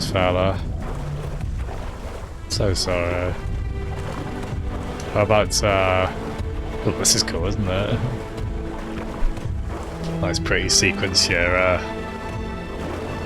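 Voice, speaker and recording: A man's voice: low-pitched, little pitch movement, slow pace, pauses often, over loud music. A man giving live commentary on a game, chatting with viewers and laughing often. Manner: chatty, laughs often, talks to chat by name. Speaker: game streamer.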